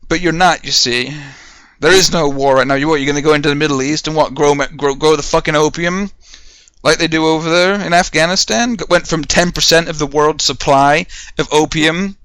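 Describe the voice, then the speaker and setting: A man hosts his own show and rants on his own in a bright, sharp voice pitched a little high. He swears freely and keeps throwing rhetorical questions. The sound is dry and close. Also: steady tone, fairly quick, clear, resonant tone, no echo. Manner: heated, profane, rhetorical questions. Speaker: podcast host. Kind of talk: ranting solo monologue.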